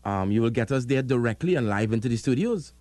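Trinidadian male radio host, animated pitch, dry close mic, playful banter. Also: fast talker, no room sound. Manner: laughs often, playful banter. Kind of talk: casual radio call-in chat.

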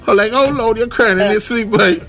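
Teasing high-voiced man. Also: brisk, fairly bright tone, soft background music. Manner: laughing, teasing, dialect-heavy. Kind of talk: casual banter.

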